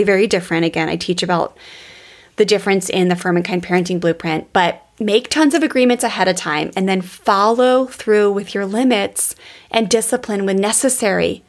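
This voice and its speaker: Gravelly-voiced chatty woman podcaster. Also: mid-range voice. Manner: chatty, storytelling, addresses listeners as guys. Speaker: parenting educator. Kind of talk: podcast teaching monologue.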